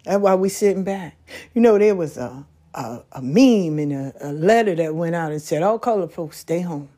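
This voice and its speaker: A woman's voice: lowish voice, moderate pace. Folksy woman spinning a story. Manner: folksy, animated storytelling with laughs. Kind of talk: casual monologue. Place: back porch, outdoors.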